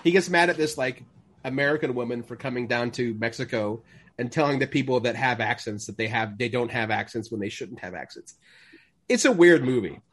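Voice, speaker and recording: A man's voice: medium pitch, a little fast. A man co-hosting a podcast in casual chat, a jokey storyteller who acts out movie lines. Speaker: podcast co-host.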